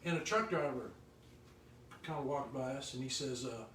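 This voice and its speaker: A man's voice: medium pitch, normal speed, recorded from a distance, a little hiss or hum. Man telling road stories in an echoey room. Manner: rambling, with lively acted quotes. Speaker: former touring musician telling road stories. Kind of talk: casual storytelling chat.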